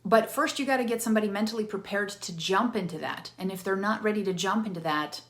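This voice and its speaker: Woman coach, lively casual delivery, mid-pitch, leans on "right?" checks. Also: fast talker. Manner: animated, chatty, with restarts and rhetorical "right?". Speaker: interactive storytelling coach. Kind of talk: casual teaching talk to viewers.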